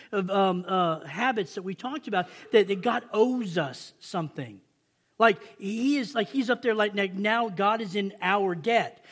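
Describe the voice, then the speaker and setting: A high-voiced man preaches with passion, raising his voice as he acts out the complaints of the people. He often trips over his words and restarts, and he sounds like a pastor speaking to his congregation. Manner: impassioned preaching, acting out prayers, stammering restarts. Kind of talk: sermon.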